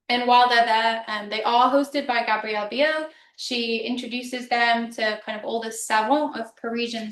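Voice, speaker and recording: A woman's voice: on the high side, a bit bright, distant mic, a little hiss or hum. A woman lecturer giving a public history talk in a casual, chatty manner with frequent ums. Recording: roomy hall, speaker off-mic.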